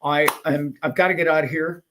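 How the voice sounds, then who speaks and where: A man's voice: a little high, fairly even intonation, brisk, fairly bright tone. A man hosting a livestream, chatting casually and greeting viewers, rambling and friendly with lots of filler words. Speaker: livestream host.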